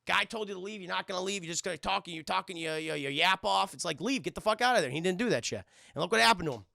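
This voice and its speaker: A man with a high, gravelly voice, recapping a film to his live chat. He talks in a loose, profane way and acts scenes out with big swings in loudness. The sound is bright and dry. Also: fast talker, no echo. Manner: animated, acts out scenes in shouted voices, swears a lot. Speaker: film reviewer streaming to chat.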